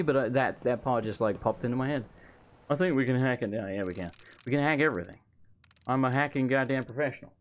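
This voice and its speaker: A man streaming live gameplay commentary, rambling and chatting with viewers while feeling overheated at home. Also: mid-range voice. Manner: rambling, chatty, quick asides to chat. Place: home room.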